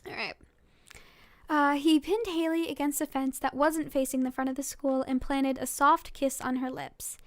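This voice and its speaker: A woman's voice: high-pitched, fairly even intonation, normal speed, no echo. A sleepy young woman reading fan fiction aloud late at night, rambling and giggly with many fillers.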